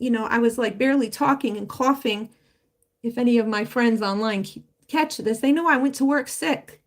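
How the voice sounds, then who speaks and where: A woman talking casually on a live stream about her home business, rambling and heartfelt with many fillers and restarts, her voice wavering with emotion. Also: on the high side. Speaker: livestreamer promoting a home business.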